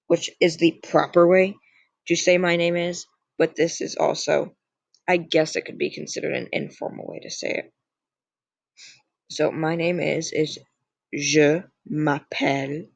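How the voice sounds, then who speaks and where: A man's voice: fairly high pitch, gravelly, no echo. A young man teaching a beginner lesson from slides, patient and repetitive as he drills each word. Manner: slow, patient, repeats words for drill. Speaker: language teacher. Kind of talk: slide-based lesson narration.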